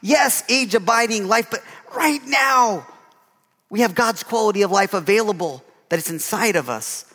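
A man's voice: sits high, lively intonation, normal speed, pushed and bright, long reverb tail. A male pastor preaching a sermon with emphasis, often calling out for an amen.

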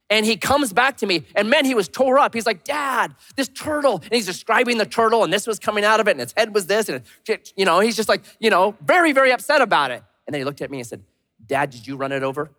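A man in his thirties, a pastor giving a sermon, swinging between loud punchy lines and hushed slow emphasis. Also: high voice, big pitch swings. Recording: long reverb of a large hall.

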